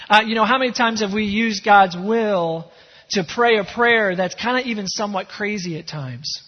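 A man's voice: sits high, moderate pace. A man preaching a sermon as pastor, conversational and joking with his congregation. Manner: conversational, self-deprecating humor. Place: church sanctuary. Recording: reverberant hall, dull lo-fi sound.

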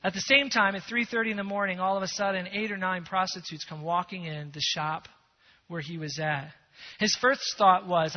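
A male preacher telling a story in a sermon, animated, moving from loud to hushed. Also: high-pitched, moderate pace. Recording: long hall echo, dull sound.

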